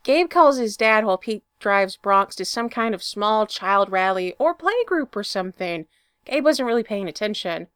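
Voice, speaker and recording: A woman narrating fan fiction in an expressive storybook reading. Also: medium pitch, moderate pace, clean tone, no room sound, clean studio sound.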